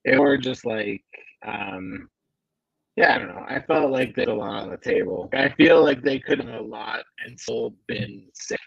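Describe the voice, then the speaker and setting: Male podcast co-host, halting casual talk, gravelly, muffled earbud audio. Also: mid-range voice, dry recording. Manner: hesitant, searching for words. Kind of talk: casual chat. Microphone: AirPods. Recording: dull earbud mic sound.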